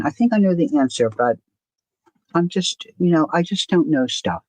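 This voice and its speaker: A woman's voice: low voice, lively intonation, moderate pace, darkish tone, no room sound. A woman hosting a casual art journaling livestream, chatting to herself and greeting viewers by name as she works. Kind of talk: casual chat while crafting on a livestream.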